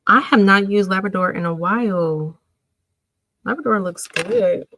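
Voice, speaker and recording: A woman hosting a casual livestream, chatting with viewers and answering their comments in an emotional, animated way. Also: mid-range voice, a little slow, no echo, low-quality recording. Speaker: livestream host.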